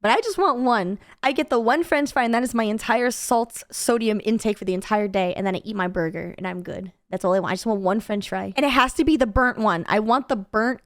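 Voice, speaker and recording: Young woman, reaction streamer, casual commentary, rambling, self-deprecating, very lively intonation. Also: medium pitch, no echo, clean studio sound.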